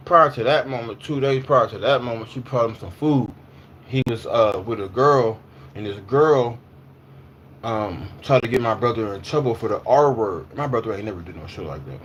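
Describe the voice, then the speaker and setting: A man's voice: mid-range voice, normal speed, a little hiss or hum. Loose, slangy man livestreaming. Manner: loose, repetitive, slangy, answers chat. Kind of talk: casual livestream chat.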